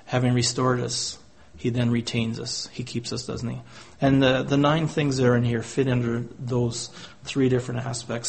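Earnest male preacher with flat delivery. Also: medium pitch. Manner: earnest, adds rhetorical tag questions; quotes scripture in old-fashioned wording. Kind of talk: sermon. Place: church gathering.

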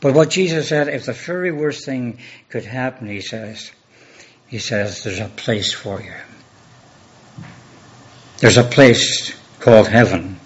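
A man preaching a sermon as a pastor, measured and earnest, building on repeated rhetorical questions. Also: medium pitch, breathy edge, muffled recording.

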